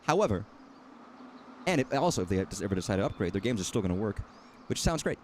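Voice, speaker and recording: Guy rambling over his gameplay, lively ups and downs, keeps correcting himself. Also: on the low side, fast, a little hiss or hum. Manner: rambling, self-correcting, wry. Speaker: streamer. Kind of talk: casual gameplay commentary.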